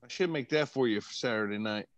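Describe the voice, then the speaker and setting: A man's voice: mid-range voice, fast, no room sound. A slightly tipsy man chatting casually, rambling and restarting his sentences. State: a little tipsy. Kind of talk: casual chat.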